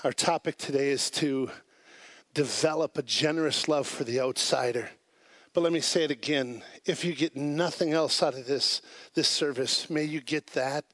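A fairly high-voiced man preaching to his congregation in a church service. He is earnest and emphatic and hammers home his key words. The sound is dry and close. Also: normal speed, a bit bright, dry recording. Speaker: pastor. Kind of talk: sermon.

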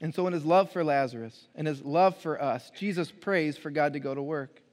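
High-voiced pastor preaching in a reverberant church. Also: male voice, fairly quick. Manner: emphatic preaching, reading scripture aloud. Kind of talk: sermon. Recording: long hall reverb.

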